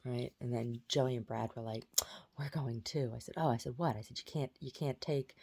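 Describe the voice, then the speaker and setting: A woman's voice: extremely low pitch, steady tone, normal speed, vocal fry, dark tone, breathy edge. A woman telling about a strange dream in a casual vlog, rambling with many fillers and restarts. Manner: baby talk to her pet dog. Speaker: vlogger.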